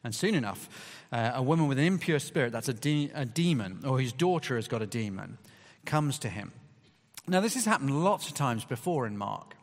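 A male preacher delivers a sermon in a chatty, down-to-earth voice of middling pitch, pressing hard on key words. His voice trails into a long hall reverb. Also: expressive, fairly quick. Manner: conversational, emphatic, with rising bursts of stress.

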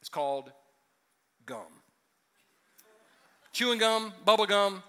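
A pastor in his fifties preaches to a live congregation in a loose, joking way, then drives his points home with emphasis. His voice sits high for a man and has a bright, ringing edge. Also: animated, slow, clean tone. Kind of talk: sermon. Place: church hall with audience.

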